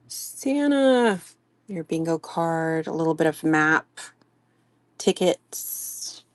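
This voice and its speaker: A woman talks slowly and warmly to her live-stream viewers, greeting them by name and gushing softly. Her voice sits a little low. The sound is dry and close, with no room around it. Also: no echo. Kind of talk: casual live-stream product showing.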